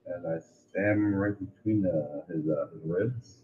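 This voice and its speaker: A man playing in a tabletop game, relaxed and matter-of-fact. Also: deep voice, a little slow, narrow, tinny audio, a little hiss or hum. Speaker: player. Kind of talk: casual tabletop game play.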